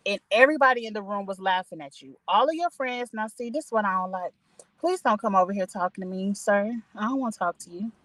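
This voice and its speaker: A woman's voice: mid-range voice, quick pace, fairly bright tone, no echo, rough recording. A woman giving a chatty, opinionated reality show recap from her parked car, full of gossipy asides. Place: parked car in a parking lot.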